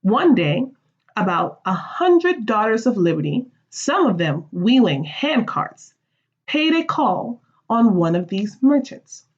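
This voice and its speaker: A woman teacher reading a play aloud for fourth graders, with expressive, animated delivery. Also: medium pitch, slow, husky, lo-fi sound.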